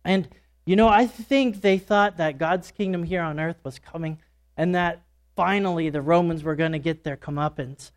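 A man's voice: a little high, moderate pace. Man telling a Bible story in character. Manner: casual, folksy storytelling with fillers and asides. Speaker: church speaker retelling a Bible story in character. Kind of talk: first-person dramatic monologue as a disciple.

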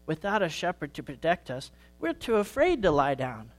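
A man voicing the oldest ewe of the flock, a kind and wise grandmother sheep, explaining things gently and patiently in a storybook. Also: a little high, wildly swooping pitch, moderate pace, faint music behind. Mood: teaching.

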